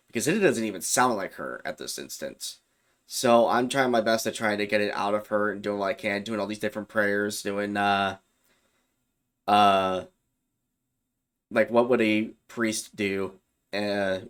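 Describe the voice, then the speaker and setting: A man's voice: fairly low pitch, a bit bright. A young man casually telling a personal story, loose and rambling, with fillers and self-corrections. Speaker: YouTube storyteller.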